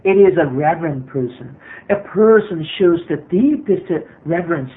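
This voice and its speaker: High-voiced preaching man, tinny sound. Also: animated, normal speed. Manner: earnest, repetitive preaching with frequent hesitations. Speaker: pastor. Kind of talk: sermon. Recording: tinny phone-like sermon recording.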